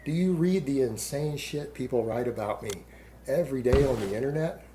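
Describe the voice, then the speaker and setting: A man's voice: medium pitch, fairly quick, warm tone, slight background noise, rough recording. A middle-aged man from Texas in a casual, rambling monologue to camera, defiant and full of rhetorical questions. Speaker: online video creator.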